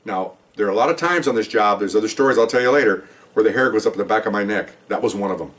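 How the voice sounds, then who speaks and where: His fairly low voice is fast with a fairly bright tone, picked up far from the mic. The older man, a retired cop, tells stories casually, often asking "okay?" and acting out the dialogue he quotes.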